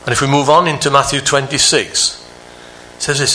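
Man, preaching a sermon, earnest, bright tense voice, faint background hum. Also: fairly even intonation, a little fast. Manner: earnest, rises in pitch for emphasis, drops soft on quieter phrases.

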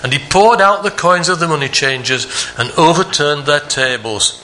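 A man preaching a sermon, earnest, climbing higher for emphasis and dropping soft on the quieter phrases. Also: moderate pace, slight background noise.

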